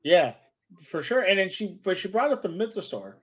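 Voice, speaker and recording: A man's voice: sits high, sing-song, moderate pace, slightly rough. A man hosting a casual chat, retelling scenes and acting out the characters' lines. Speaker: podcast host. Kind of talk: casual show review chat.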